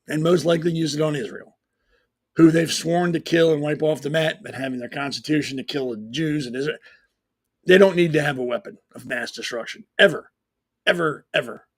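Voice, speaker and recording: Gravelly man ranting bluntly as host. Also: a little high. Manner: blunt, profane, sarcastic ranting. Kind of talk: opinion talk show monologue.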